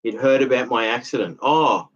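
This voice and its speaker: Husky and lowish, this male vlogger's voice moves a little slowly. His casual monologue wanders and sounds wronged, circling around and repeating, on a dull lo-fi recording.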